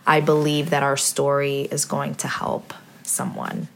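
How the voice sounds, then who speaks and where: A mother hosts a heartfelt podcast with her son in a low, gravelly voice. She speaks earnestly, leaning on her faith and plenty of fillers along the way. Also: monotone, measured pace.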